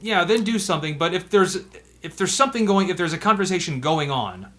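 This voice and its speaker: A man's voice: high-pitched, lively intonation, brisk, fairly bright tone. A young adult man co-hosting a podcast, giving earnest, filler-heavy advice about tabletop role-playing. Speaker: podcast co-host. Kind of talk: casual chat about role-playing games.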